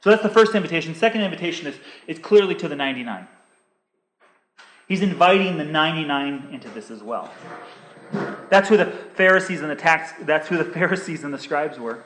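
Male preacher, earnest and repetitive, high-pitched, roomy church sound. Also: lively intonation, a little fast, a bit bright. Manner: earnest, repetitive appeals with many restarts. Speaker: pastor. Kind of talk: sermon.

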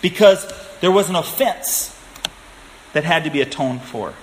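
A male pastor preaching a sermon, earnest and emphatic, slowing down to stress key phrases. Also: fairly high pitch, expressive, a little hiss or hum. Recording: echoey room with faint ambience.

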